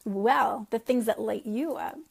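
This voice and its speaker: A woman's voice: a little high, a little slow, gravelly, slightly rough. A middle-aged woman leading her sales team on a casual call, chatty and self-deprecating, laughing often. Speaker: network marketing team leader.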